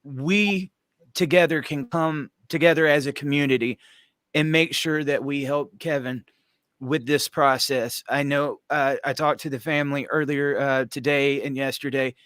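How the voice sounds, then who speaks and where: A man's voice: fairly high pitch, steady tone, normal speed, a bit bright, clean tone, no room sound. Earnest man hosting a live stream. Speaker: host. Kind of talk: live stream talk show.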